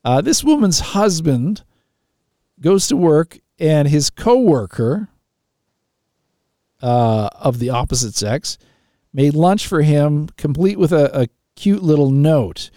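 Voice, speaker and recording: A man's voice: fairly high pitch, expressive, slow, warm tone, no room sound, studio quality. A man hosting a call-in radio talk show, chatty, laughing often and restarting his phrases.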